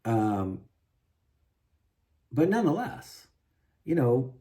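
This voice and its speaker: A man's voice: mid-range voice, big pitch swings, drawn-out words, warm tone. A man venting in a rambling, frustrated monologue, full of restarts and asides. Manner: frustrated, rambling, many restarts and "you know". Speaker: guitar vlogger.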